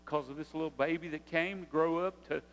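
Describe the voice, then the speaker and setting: Older preacher, high and echoing. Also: male voice, fairly even intonation, fast talker. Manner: preaching with rising emphasis and repetition. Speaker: pastor. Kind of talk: sermon.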